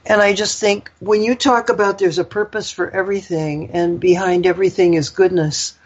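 An older woman tells a candid personal story, wandering through it with fillers and little laughs. Her voice has a husky edge. The recording sounds slightly dull and lo-fi. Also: lowish voice, fairly even intonation, moderate pace. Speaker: guest.

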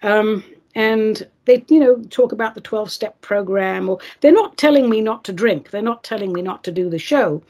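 A woman's voice: medium pitch, moderate pace, darkish tone. A woman hosting a commentary show, talking in a sarcastic, ranting, scornful way. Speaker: host.

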